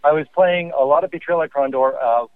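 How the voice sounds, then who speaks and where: A man co-hosting a casual podcast over the phone, rambling with restarts and quick laughs. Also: a little high, dry recording. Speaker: podcast co-host. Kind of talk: casual chat. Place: in a car on the road. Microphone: mobile phone. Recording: tinny phone line.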